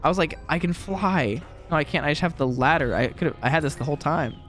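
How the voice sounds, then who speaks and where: A man's voice: a little high, very fast, fairly bright tone, soft background music. A young man casually commenting on his gameplay from a room at home, rambling and chatty with a self-deprecating manner. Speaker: gaming commentator.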